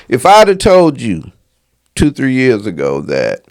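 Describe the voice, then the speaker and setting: A man holds forth in a loose, rambling commentary, his voice gravelly and full of fry. His pitch rises and falls freely as he circles back on his points and chats with the listener. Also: wildly swooping pitch, takes it slowly. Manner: rambling, conversational, frequent fillers and asides. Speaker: commentary channel host. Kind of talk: casual commentary monologue.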